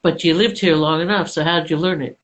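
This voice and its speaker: An actor guest chatting casually on a live stream, relaxed and a little hesitant. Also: mid-range voice, a little fast, poor audio.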